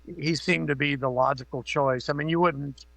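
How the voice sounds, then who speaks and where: A man's voice: a little high, steady tone, normal speed, vocal fry, a bit bright, dry recording. A middle-aged man and makeup effects artist, a guest on a remote call, telling rambling, profane anecdotes full of fillers. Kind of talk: casual interview storytelling.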